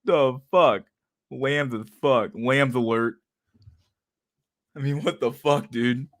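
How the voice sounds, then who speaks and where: A man's voice: mid-range voice, steady tone, slow, a bit bright. A man giving casual, rambling livestream commentary on pictures, swearing constantly and laughing often. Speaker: streamer reacting to pictures.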